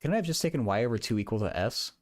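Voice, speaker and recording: A man's voice: medium pitch, animated, very fast. A young man livestreaming while he does math homework, chatting casually and often stammering and repeating words.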